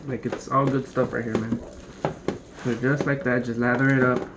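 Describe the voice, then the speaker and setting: A young man casually showing how to prep a brisket at home, rambling and cracking jokes as he works. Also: medium pitch, level tone. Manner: joking, rambling, swears casually. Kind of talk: casual cooking demonstration. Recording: noisy room ambience.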